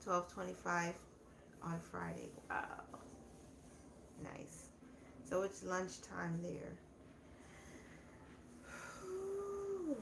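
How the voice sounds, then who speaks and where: A woman from the southern United States hosts a laid-back live chat, talking casually with viewers and laughing often. Her voice is on the low side and gravelly, very animated, very slow, and she pauses often. The room is echoey with faint background noise.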